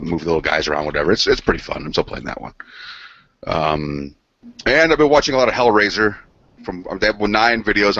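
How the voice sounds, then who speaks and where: A man's voice: deep voice, sharp tone, dry recording. A man on a gaming news show, telling a rambling, profane story between laughs. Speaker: podcast co-host. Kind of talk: casual chat. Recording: dull lo-fi sound.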